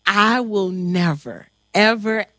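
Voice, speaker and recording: A woman's voice: mid-range voice, dry recording. Woman moderator telling a story, lots of ums, gets worked up, dry close sound. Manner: animated, halting with fillers, emotional. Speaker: panel moderator. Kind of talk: emotional storytelling to an audience.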